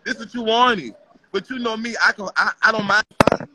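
A woman's voice: fairly high pitch, fairly even intonation, brisk, pushed and bright, a little hiss or hum, poor audio. A woman delivering a heated, profane rant on a live stream, confrontational and repetitive. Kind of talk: heated social media rant.

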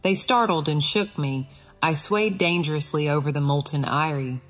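Low-voiced woman reading an audiobook. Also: moderate pace, breathy edge, faint music behind. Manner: earnest, expressive first-person reading. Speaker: audiobook narrator. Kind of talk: scripted narration of a Christian allegory.

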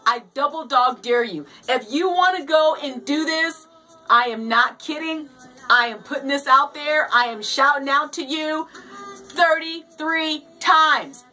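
A woman's voice: sits high, moderate pace, bright, forceful tone. A woman hosting her own casual show, giddy and playful, repeating words for fun. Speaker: show host. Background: faint music.

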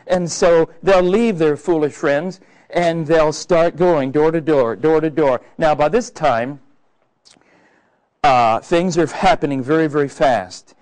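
A man's voice: on the high side, a little slow, a little mellow, poor audio. A male preacher giving a sermon in a conversational, earnest way, with many hesitations and fillers.

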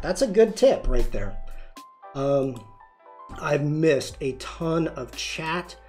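A man's voice: fairly high pitch, expressive, slow, a little mellow, soft background music. A man hosting a live-streamed photography tutorial, chatty and demonstrative, greeting viewers and answering chat as he shows poses.

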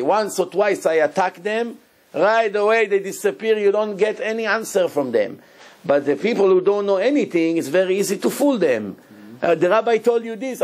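A man, a rabbi, giving a Torah lesson in animated, broken English and acting out quotes. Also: high-pitched. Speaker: rabbi teaching a Torah class.

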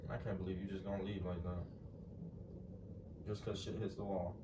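A man's voice: low voice, flat delivery, normal speed. A young man in a casual argument at home, talking in a teasing, slangy, laid-back way. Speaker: prankster vlogger. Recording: roomy, distant and noisy.

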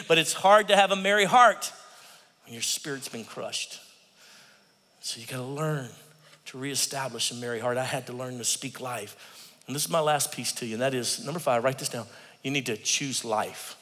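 A man preaching a sermon as pastor, animated, acting out quotes and swinging from hushed tones to shouts. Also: on the high side, normal speed. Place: church sanctuary. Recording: church hall reverb.

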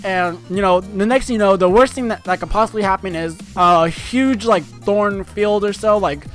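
A man's voice: sits high, normal speed, fairly bright tone, faint music behind. A young man telling a personal story to his viewers in a rambling, casual way, full of fillers and restarts. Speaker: vlogger.

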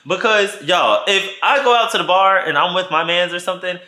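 A man's voice: high voice, a little fast, bright, forceful tone. A man telling a casual storytime to his channel, playful and dramatic, acting out the people he quotes, in an echoey room. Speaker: vlogger.

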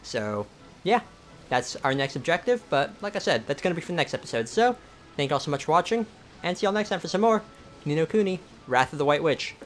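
A man's voice: a little high, brisk. A man hosting a let's play, chatting casually and rambling as he plays, often correcting himself. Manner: relaxed, rambling, self-correcting. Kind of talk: casual gameplay commentary. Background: game music.

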